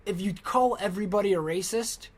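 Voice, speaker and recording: A man's voice: high voice, a little fast. A man co-hosting a podcast, ranting in casual, profane, emphatic chat. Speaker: podcast co-host.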